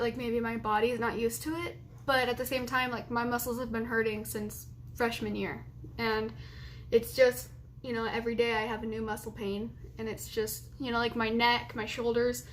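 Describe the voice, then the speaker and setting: A woman's voice: fairly high pitch, a little hiss or hum. Rambling, chatty late-teen woman. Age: late teens. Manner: rambling, chatty, laughs often between remarks. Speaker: vlogger. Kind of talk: casual confessional vlog.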